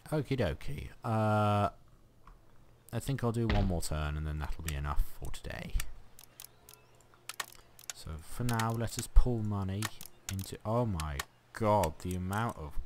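A man's voice: sits low, takes it slowly, noisy background. A man giving chatty, sarcastic running commentary on a strategy game he is playing. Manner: chatty, sarcastic, mock-exasperated. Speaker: let's play host.

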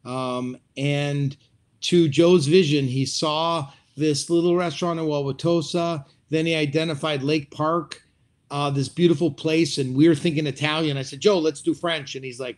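A man's voice: a little high, fairly even intonation, normal speed. A middle-aged man speaking as a restaurateur guest in an interview, reflective and hesitant with frequent fillers, over a video call. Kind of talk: interview conversation.

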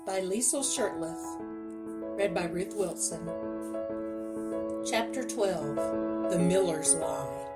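Slow, low-voiced woman reading a novel aloud. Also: loud music behind the voice. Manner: steady, unhurried first-person narration. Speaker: reader. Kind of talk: storybook read-aloud.

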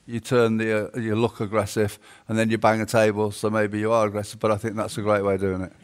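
A man's voice: lowish voice, level tone, fast, clean tone. A man hosting a conference panel in an upbeat, chatty way. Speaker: panel host.

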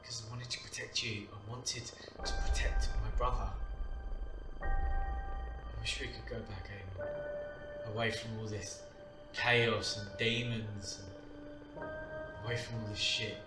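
A man's voice: fairly low pitch, huge pitch swings, takes it slowly, long pauses, exaggerated voice. A man playing a young man who earnestly pleads with his frightened brother, speaking tenderly, in a student short film drama. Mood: pleading. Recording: echoey room from a distance, music under.

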